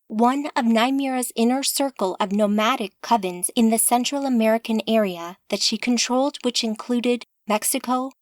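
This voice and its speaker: A woman narrating an audiobook in a measured, unhurried reading. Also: a little high, no echo, clean studio sound. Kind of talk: scripted narration.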